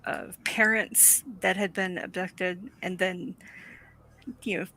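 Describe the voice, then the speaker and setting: A woman in a casual chat, telling expressive stories and laughing at them. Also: lowish voice. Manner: expressive, quick to laugh at her own stories.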